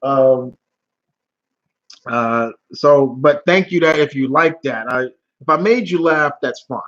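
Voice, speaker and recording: A man's voice: mid-range voice, takes it slowly, muffled recording. Casual slangy man on a live stream. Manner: rambling, animated storytelling with slang and restarts. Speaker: YouTube channel host answering live chat questions.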